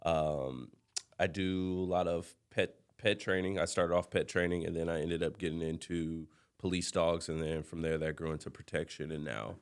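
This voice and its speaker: Guest: man from Southern California, low voice, loud and animated, telling casual stories about his life. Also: normal speed, clean tone. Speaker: dog trainer, podcast guest. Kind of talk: casual storytelling.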